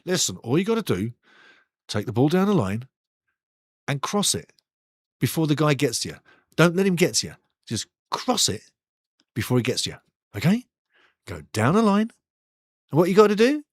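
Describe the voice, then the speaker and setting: Guy putting on a bossy football coach yelling simple orders, kinda high, dry sound. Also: sing-song, normal speed, pauses often, no echo. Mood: instructing. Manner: blunt, drilling commands. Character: male football coach barking simple instructions.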